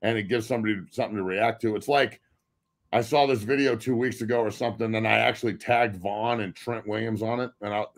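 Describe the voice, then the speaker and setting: A man's voice: fairly low pitch, steady tone, fast. A man talking football on a podcast as a guest, blunt and full of profanity. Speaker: guest, former football player. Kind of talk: casual podcast debate.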